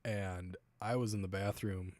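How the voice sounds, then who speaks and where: A man's voice: low-pitched, fairly even intonation, unhurried, darkish tone, dry recording. A man in his thirties chatting on his livestream as its host, laughing often while he tells crude funny stories. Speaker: streamer. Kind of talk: casual livestream chat.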